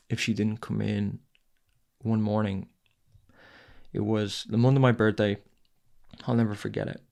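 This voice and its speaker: A man's voice: lowish voice, vocal fry, darkish tone. A man hosting a podcast and telling a raw, candid personal story, swearing and repeating his phrases. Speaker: podcast host.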